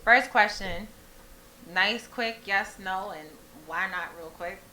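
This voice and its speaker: Woman radio host, bright forward voice, slangy and teasing, roomy room. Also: medium pitch, takes it slowly, a little hiss or hum. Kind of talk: casual radio chat.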